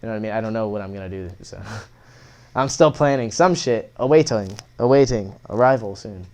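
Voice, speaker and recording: A young man, a guest musician in a casual interview, telling stories in loose slang with lots of swearing and animated retellings. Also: lowish voice, fairly quick.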